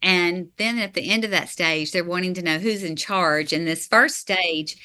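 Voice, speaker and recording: Bright-voiced woman explaining earnestly. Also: on the low side, normal speed. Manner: earnest, explanatory, with light laughs. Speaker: author and parenting guest. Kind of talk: interview answers.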